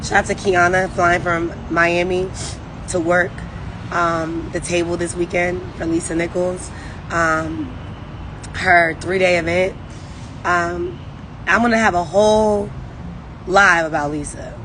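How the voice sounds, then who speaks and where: A woman's voice: lowish voice, steady tone, takes it slowly, pauses often, background noise. A woman leading a network marketing team, giving a rambling, emphatic, faith-driven pep talk on a phone livestream.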